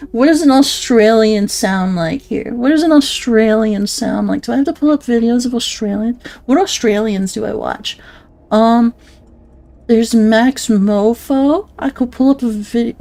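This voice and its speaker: A woman's voice: fairly high pitch, moderate pace, warm tone, dry recording. A woman streamer chatting casually on a live stream, giggling often, self-conscious and swearing a lot.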